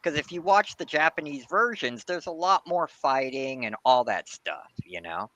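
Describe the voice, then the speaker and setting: A man's voice: a little high, expressive, normal speed, pushed and bright, no echo, muffled recording. A man chatting casually and enthusiastically on a live stream, throwing in "dude" and "man.". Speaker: comic club co-host. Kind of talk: casual chat. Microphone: home mic on a video stream.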